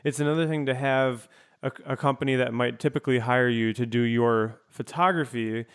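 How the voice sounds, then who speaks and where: A man hosting a casual interview, talking in a relaxed, rambling way and laughing often. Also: mid-range voice, moderate pace, clear, resonant tone. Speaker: podcast host.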